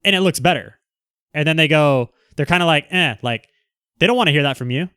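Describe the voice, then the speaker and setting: A man's voice: on the high side, fairly quick, bright, forceful tone, smooth, dry recording, studio quality. A man hosting a livestream, reading viewer comments aloud and answering them in a frank, rambling way with many restarts. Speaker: livestream host.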